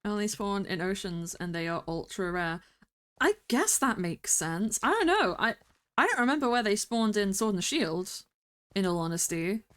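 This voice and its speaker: A woman streamer rambling through casual gameplay commentary, talking to herself with bursts of excited exclamations. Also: mid-range voice, moderate pace. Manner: chatty, rambling self-talk with excited exclamations. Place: home streaming setup.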